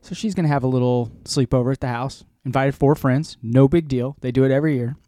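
A man in his forties telling a long rambling story in casual chat, animated and profane, as a podcast co-host. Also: mid-range voice, fast talker, no echo, studio quality.

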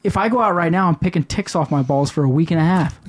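High-voiced crude male co-host. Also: quick pace. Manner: crude, rambling, teasing. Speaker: podcast co-host. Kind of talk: casual chat.

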